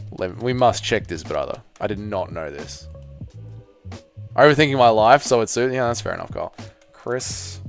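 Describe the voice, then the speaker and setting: Man, live-stream host, casual chat banter, swears a lot, lively pitch, faint background music. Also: moderate pace. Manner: animated, profane, banters with chat. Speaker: streamer hosting a fight watch-along.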